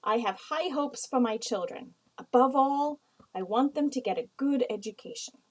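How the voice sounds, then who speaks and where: A woman from the United States teaching a writing lesson, explaining slowly and reading example sentences aloud. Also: high-pitched, expressive, poor audio.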